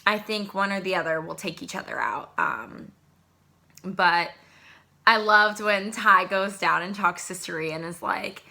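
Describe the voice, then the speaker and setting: A young adult woman casually recapping a reality show to camera in an excitable, chatty way. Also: medium pitch, normal speed, creaky. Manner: chatty, excitable, animated asides. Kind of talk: casual chat.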